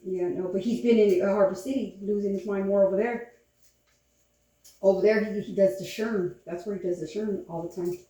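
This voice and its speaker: A woman chatting casually, telling stories with lively acted-out quotes. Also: mid-range voice, a little fast. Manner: animated storytelling, acts out quotes. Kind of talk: casual chat. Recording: echoey room, distant mic, faint noise.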